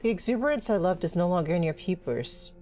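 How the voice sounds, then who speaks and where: A woman voicing a creepy, soft-spoken male doctor obsessed with eyes, reading game dialogue aloud in a slow, sinister croon. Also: on the low side, expressive, voice pushed up, close to an everyday voice.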